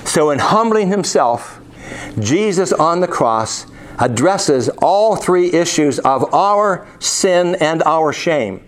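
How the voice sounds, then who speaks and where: A man's voice: a little high, expressive, slow. A man preaching a sermon, reading scripture aloud and asking his listeners rhetorical questions.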